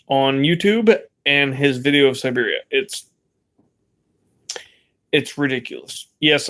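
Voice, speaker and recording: Laid-back young male vlogger, slightly high voice, loose rambling delivery with casual swearing. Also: a bit bright. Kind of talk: casual vlog chat.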